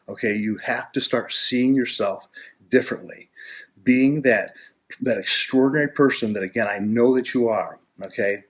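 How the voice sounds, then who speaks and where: A man giving a motivational coaching talk, earnest and repetitive, ending almost every phrase with "okay?" and often clearing his throat. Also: mid-range voice, moderate pace. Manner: repetitive, earnest, with many restarts. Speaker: life coach.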